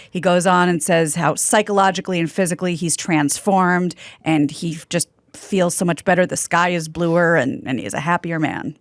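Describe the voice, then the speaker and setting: A woman's voice: fairly low pitch, moderate pace, hardly any pauses, no room sound. A woman who co-hosts a podcast, reading news items aloud and chatting wryly. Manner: wry, reads quotes aloud. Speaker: news segment co-host.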